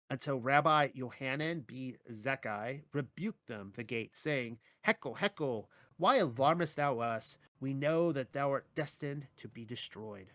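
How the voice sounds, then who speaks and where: A man reading his own Bible teaching article aloud in a measured way, with occasional stumbles and wry asides. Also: medium pitch, no room sound.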